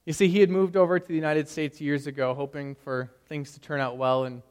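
A young male pastor delivers a sermon with a slightly high voice, talking easily and telling stories as if chatting with the congregation. His words ring out with a long reverb, as in a church sanctuary. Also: level tone, fairly quick, clear, resonant tone. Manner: storytelling, conversational with frequent "right?" asides.

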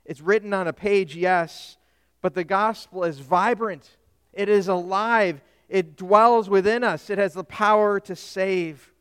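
A man's voice: high-pitched, measured pace, a bit bright, clean tone, in a large hall. A man, a Lutheran pastor, preaching a sermon emphatically and putting questions to the congregation.

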